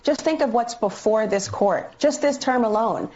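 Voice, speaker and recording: A woman's voice: on the high side, normal speed, darkish tone, lo-fi sound. A woman legal analyst speaking emphatically and earnestly in a television commentary segment, building long sentences.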